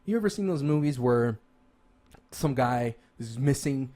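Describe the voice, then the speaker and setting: A man's voice: medium pitch, animated, unhurried, warm tone. A man co-hosting a podcast, chatting casually and enthusiastically, rambling with lots of restarts and fillers. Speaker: podcast co-host. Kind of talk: casual chat about games and movies.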